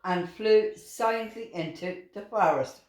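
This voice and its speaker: An older woman reading a children's picture book aloud, slow and expressive. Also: medium pitch. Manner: slow and expressive, with lively voices. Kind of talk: storybook read-aloud. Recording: roomy echoing room.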